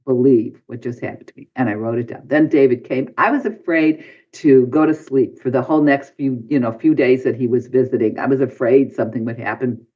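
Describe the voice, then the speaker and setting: Steady in tone and mid-range in pitch, a man guesting on a podcast talks fairly quickly with hardly any pauses. He tells a personal story, acting out things he once said with dramatic shifts in his voice, all in dull lo-fi audio.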